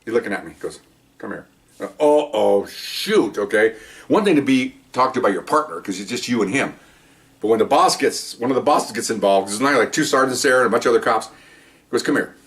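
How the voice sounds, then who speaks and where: His voice mid-range and fairly quick, the retired officer keeps up his lively, informal storytelling about police work, acting out people's words and chuckling, while sitting far from the mic.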